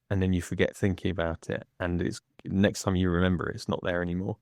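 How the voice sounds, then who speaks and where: A man speaking as a podcast guest in a candid conversation, measured and reflective, pausing between phrases. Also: deep voice, little pitch movement, gravelly, a little mellow, no echo, studio quality.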